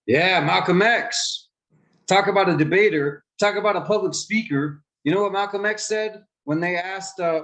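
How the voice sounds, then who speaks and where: Man teaching kids, lively and questioning. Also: high-pitched, moderate pace, poor audio. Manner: lively, asks the class questions and acts out examples. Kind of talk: explaining debate skills to children.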